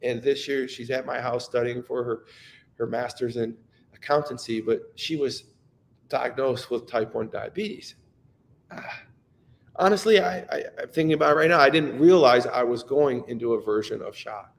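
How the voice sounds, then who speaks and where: A man's voice: medium pitch, moderate pace, vocal fry, in a large hall. A middle-aged man giving an earnest, emotional motivational talk, often repeating himself and restarting his sentences. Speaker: speaker sharing personal stories.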